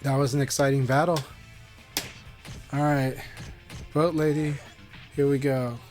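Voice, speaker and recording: A man's voice: medium pitch, level tone, a little slow, darkish tone, soft background music. A man live-streaming a fighting game, chatting casually and encouragingly with viewers.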